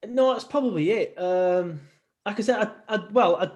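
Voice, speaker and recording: A man's voice: high voice, moderate pace. A young man, chatting casually as a podcast guest, rambling with many ums and restarts. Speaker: podcast guest, football fan. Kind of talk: casual chat.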